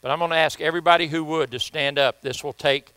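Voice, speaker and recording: A man's voice: a little high, fairly even intonation, fast, sharp tone, clear, resonant tone, no room sound. A man preaching a sermon in church, telling folksy stories and reading scripture with emphasis. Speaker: pastor. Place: church sanctuary.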